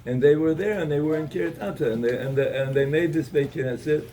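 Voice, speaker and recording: A man giving a Torah talk at an evening gathering, telling a story in a halting way, with many repeated words and restarts. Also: on the high side, mellow, recorded from a distance, poor audio.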